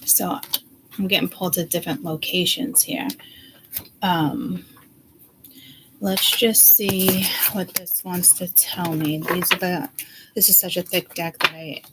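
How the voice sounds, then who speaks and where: A middle-aged woman talks her way through a tarot reading in a loose, rambling style. Her voice sits on the low side. She is chatty and blunt and swears freely, with faint background noise behind her. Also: steady tone, a little slow, pauses often. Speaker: psychic tarot reader. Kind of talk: casual rambling intuitive reading.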